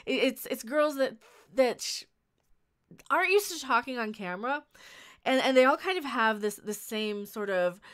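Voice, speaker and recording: A woman's voice: a little high, a bit bright, clear, resonant tone. A woman chatting casually on a live stream, reading viewer comments and giving blunt opinions, rambling with frequent restarts and laughs.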